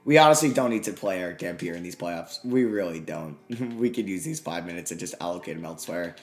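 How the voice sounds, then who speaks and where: A young man commentating over his own video game, excitable, swinging between grumbling and yelling. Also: sits low, quick pace, roomy sound. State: out of breath. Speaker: gaming YouTuber.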